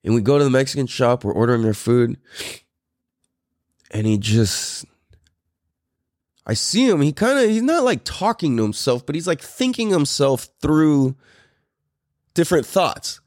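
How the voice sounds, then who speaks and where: A man's voice: medium pitch, very animated, measured pace, long pauses, darkish tone, no echo, studio quality. A man in his thirties hosting a podcast, telling a story in a rambling, profane way with many fillers. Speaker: podcast host. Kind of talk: casual storytelling.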